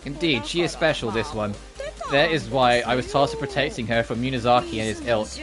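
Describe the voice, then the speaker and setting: A woman's voice: a bass voice, a little fast, over music. A woman voicing a grim, loyal monstrous guardian who speaks in a formal, solemn, curt way. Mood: stern.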